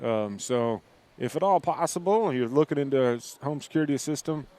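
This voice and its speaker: A man doing play-by-play for a high school basketball game, reading a sponsor spot and rising loud and quick on big plays. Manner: rises loud and excited on plays. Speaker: play-by-play announcer.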